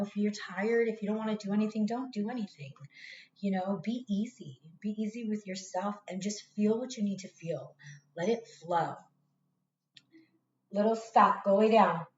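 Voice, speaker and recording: A woman's voice: medium pitch, warm tone. A woman reading tarot in a casual spiritual talk, speaking candidly and swearing freely as she addresses her viewers directly. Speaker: tarot reader. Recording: echoey room, dull lo-fi sound, faint hiss.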